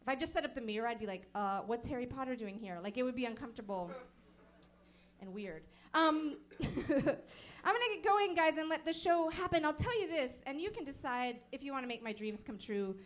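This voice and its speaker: High-voiced woman rambling through stand-up. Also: animated, a little fast. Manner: rambling, casual, lots of "like" fillers. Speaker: stand-up comedian. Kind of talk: stand-up set. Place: comedy show in a small venue.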